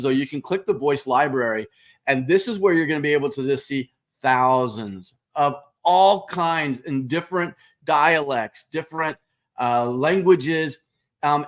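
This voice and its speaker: Speaking with a fairly high pitch, a man gives a live demo of a software product over screen-share. He explains each step casually and addresses the audience directly.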